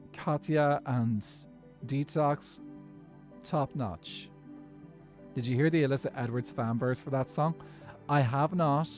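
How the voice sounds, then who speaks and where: With a slightly mellow, mid-range voice, an Irish man rambles casually through a Minecraft stream, reading chat as he games. Frequent laughs punctuate his talk.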